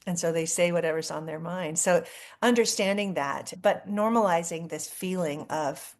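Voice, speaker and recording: A woman author talking as a podcast guest, telling candid stories in a warm way. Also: fairly low pitch, normal speed. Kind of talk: interview conversation.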